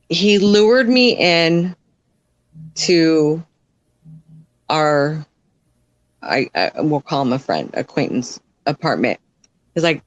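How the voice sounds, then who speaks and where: A woman's voice: low-pitched, no echo. A woman speaking as a podcast guest, frank and blunt, in a dry, close sound with no room around her. She talks in plain, unpolished sentences full of fillers. She jumps her voice up when she acts out other people's words. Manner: acts out others' lines in quick voice shifts. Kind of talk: candid personal storytelling.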